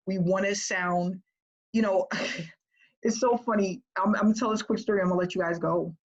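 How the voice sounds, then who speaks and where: A woman business coach talking to her group in a casual, energetic way, often checking in with "right?". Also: mid-range voice, normal speed, muffled recording.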